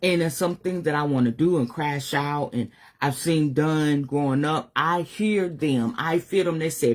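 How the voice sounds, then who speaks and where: Husky-voiced middle-aged woman, candid. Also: deep voice, measured pace, hardly any pauses. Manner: candid and emotional, swears casually. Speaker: spiritual advisor. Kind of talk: live-stream monologue.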